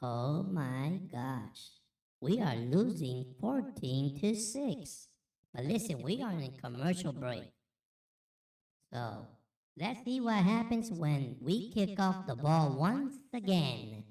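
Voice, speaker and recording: A man using a voice changer for a slow, low, theatrical voice. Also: very animated, a little mellow, echoey room, far from the mic, heavily acted.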